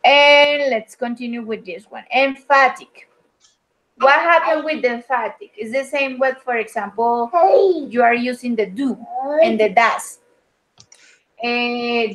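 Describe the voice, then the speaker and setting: A woman teaching an online English grammar lesson over a video call. She explains patiently and fills pauses with "uh" and "um". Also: on the high side, fairly bright tone, rough recording. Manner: patient, explanatory, with frequent fillers.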